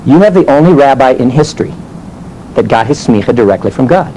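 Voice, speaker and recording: A man's voice: medium pitch, fairly quick, a little hiss or hum, rough recording. A man preaching and teaching a sermon, telling stories and asking rhetorical questions. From United States. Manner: animated storytelling with rhetorical questions. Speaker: teacher and minister.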